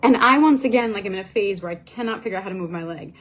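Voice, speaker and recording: A woman telling a casual story as a host, animated and self-mocking, with frequent fillers. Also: mid-range voice, rapid-fire. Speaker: Pilates instructor and podcast host.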